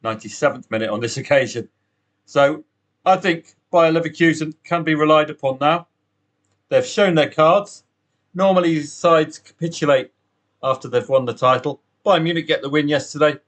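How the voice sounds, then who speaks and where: A man's voice: a little high, moderate pace. A man hosting a solo betting podcast, chatty and upbeat, with asides to the listener.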